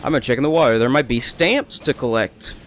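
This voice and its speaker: Young man, chatty rambling game commentary, medium pitch, faint game sounds behind. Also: fast talker, a bit bright, a little hiss or hum. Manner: rambling, chatty, self-amused. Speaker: let's play host. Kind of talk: casual gameplay commentary.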